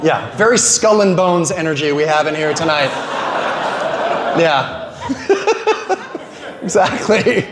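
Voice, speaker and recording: Animated stand-up guy, pretty high voice, echoey room, noise in the back. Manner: animated, quick asides to the crowd. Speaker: stand-up comedian. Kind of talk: stand-up comedy set. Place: comedy venue stage. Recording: roomy venue with background noise.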